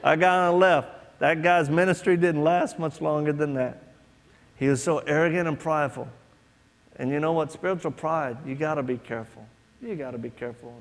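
A man delivers a sermon and tells stories, acting out the voices in them. His voice is gravelly and sits a little high for a man. It rings with the long reverb of a big hall. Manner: storytelling, acts out quoted voices. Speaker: preacher. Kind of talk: sermon with personal story.

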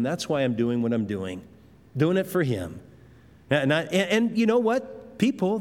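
Male pastor, higher voice, sermon in a church with long reverb, conversational and emphatic. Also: darkish tone.

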